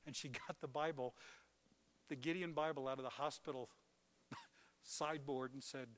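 An older man preaching a sermon as pastor, swinging between hushed, intimate lines and booming declarations. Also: fairly even intonation, moderate pace, pauses often, big-room sound.

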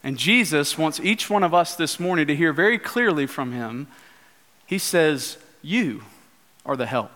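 A male pastor giving an earnest sermon in a church, at times slowing into a hushed prayer. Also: on the high side, lively intonation. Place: church sanctuary. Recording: church hall reverb.

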